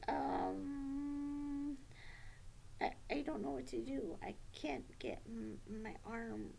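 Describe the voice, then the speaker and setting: A woman's voice: high voice, slight background noise, full character voice. Woman doing a stammering, timid little schoolboy puppet. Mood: flustered. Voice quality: stammering, hesitant. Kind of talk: children's puppet show.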